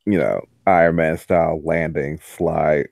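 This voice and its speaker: A young man describing his moves in a tabletop game, laid-back and joking as he draws his words out. His voice sits very low and sounds dry and close. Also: steady tone, a little slow, creaky, darkish tone, dry recording. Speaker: player.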